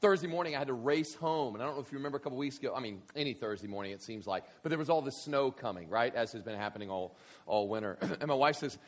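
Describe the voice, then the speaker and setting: A male guest preacher telling a story in a sermon, full of restarts and rising to shouts. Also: mid-range voice, very fast. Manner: animated, many restarts, builds to shouting.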